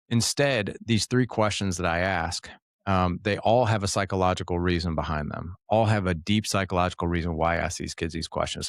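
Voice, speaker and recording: A man's voice: deep voice, no room sound, studio quality. A middle-aged man as a podcast guest, coaching fathers in an earnest, casual way, often repeating words and saying man and dude.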